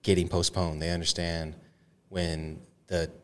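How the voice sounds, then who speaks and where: A man's voice: low voice, flat delivery, measured pace, slight background noise. A man hosting a podcast, chatty and jokey, interviewing a guest in casual conversation. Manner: jokey and chatty, laughs easily. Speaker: podcast host.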